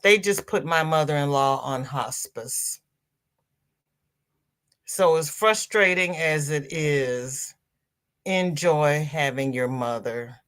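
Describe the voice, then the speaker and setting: A middle-aged woman hosts a relaxed crafting livestream, reading viewers' comments and answering each one warmly. She talks unhurriedly, with long drawn-out phrases, calls people "girl" and "honey", and her voice leaps upward whenever something delights her. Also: smooth. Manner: laughs often, voice swings high when excited. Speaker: livestream host of a crochet show.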